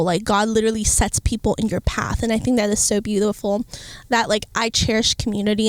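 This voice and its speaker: Young woman, fairly high voice, chatty vlog, lots of fillers, animated quoting, dry close earpiece sound. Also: dry recording. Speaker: vlogger. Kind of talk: casual chat. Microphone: earpiece mic.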